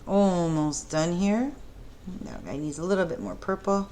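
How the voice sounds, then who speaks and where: A woman teaching a preschool art lesson in a gentle, encouraging way, talking the children through each step and asking them questions. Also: fairly low pitch, a little slow, slight background noise.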